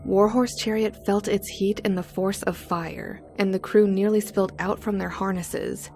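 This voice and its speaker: A woman narrating a horror story in the first person, slow and deliberate. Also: mid-range voice, fairly even intonation, gravelly, over music.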